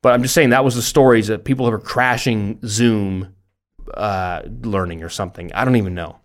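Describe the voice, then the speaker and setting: A middle-aged man with a fairly low voice, chatting casually as a podcast host. He rambles, trips over words and pokes fun at himself, his speech loose and unscripted. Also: fairly even intonation, normal speed. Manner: rambling, self-deprecating, stumbles over words. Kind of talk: casual chat.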